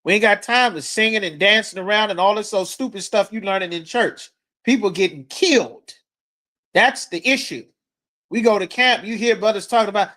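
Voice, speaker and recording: A man teaching scripture to a class in a blunt, forceful preaching manner with coarse language. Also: high-pitched, fairly quick. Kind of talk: street-corner scripture teaching.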